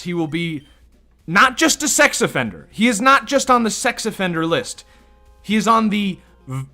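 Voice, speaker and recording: A man's voice: a little high, sharp tone. A young man hosting a let's play, rambling and incredulous in casual game commentary.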